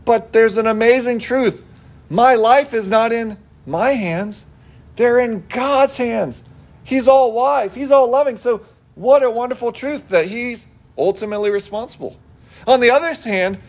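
A man with a notably high-pitched voice delivers a sermon. He preaches earnestly but conversationally, weaving scripture together with homely personal anecdotes. He sounds middle-aged. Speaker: pastor.

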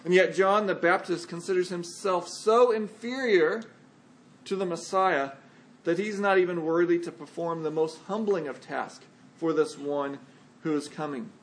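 Male pastor, high voice, relaxed conversational sermon delivery with scripture readings. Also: a little slow.

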